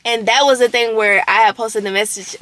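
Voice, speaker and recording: A woman's voice: fairly high pitch, steady tone, fairly quick, fairly bright tone, no room sound. A young woman vlogger recounting a roommate conflict in a casual storytime, candid and indignant, with slang and swearing.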